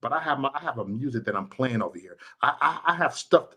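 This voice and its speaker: A man's voice: medium pitch, expressive, fast talker, pushed and bright, slightly rough. A man from Chicago ranting bluntly and profanely on a vlog livestream, preachy and repetitive, talking to his chat viewers. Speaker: vlogger and livestream host.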